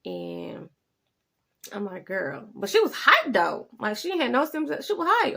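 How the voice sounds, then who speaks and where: A woman, casually telling a personal story, leaping up high for quoted lines and dropping to a hush when scared. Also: measured pace. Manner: animated, jumps to high exclaiming quoted lines; drops to hushed, breathy tones when talking about fear. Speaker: vlogger.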